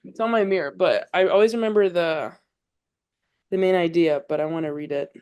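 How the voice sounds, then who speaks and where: A fairly low, slightly mellow and clean-toned voice belongs to a young woman who talks fairly quickly. Guesting on a podcast, the college volleyball player speaks earnestly about her faith in a casual exchange, relying heavily on "like."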